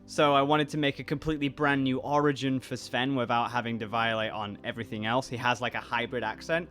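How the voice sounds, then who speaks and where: A man's voice: mid-range voice, flat delivery, fairly quick, a bit bright, faint music behind. A man in his twenties with a mixed British and American accent, chatting casually and rambling through viewer comments as a YouTuber. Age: 20s. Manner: rambling, restarts sentences, reads comments aloud. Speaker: YouTuber and voice actor. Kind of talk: casual chat reacting to comments.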